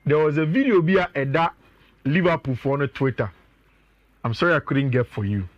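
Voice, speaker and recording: A man's voice: on the high side, expressive, moderate pace, no room sound, lo-fi sound. A man with a Ghanaian accent, talking as a sports pundit on a radio show, chatty and often addressing his co-host.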